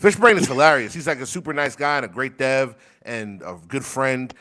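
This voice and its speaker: A man's voice: medium pitch, fairly quick, pushed and bright. A man rambling in casual chat on a desk microphone, crude and laughing often, telling stories about his rap community. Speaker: rapper and community member.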